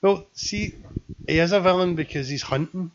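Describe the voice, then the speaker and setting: A man banters and jokes through a casual chat. His voice sits fairly high for a man. The recording sounds muffled and lo-fi. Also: moderate pace, a crowd in the background. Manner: joking, banters back.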